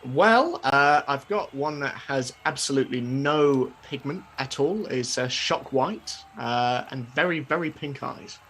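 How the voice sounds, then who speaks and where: A man's voice: medium pitch, expressive, a little slow, few pauses, a bit bright, a little hiss or hum, pitched below the performer's own voice. A man voicing a cheerful young male wizard who runs a joke shop, with brash, playful sales patter. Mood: chatty.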